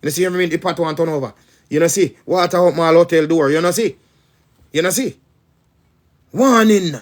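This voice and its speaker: A man's voice: a little high, brisk. A man with a Jamaican accent, preaching as a spiritual teacher in an emphatic, repetitive patois-laced monologue.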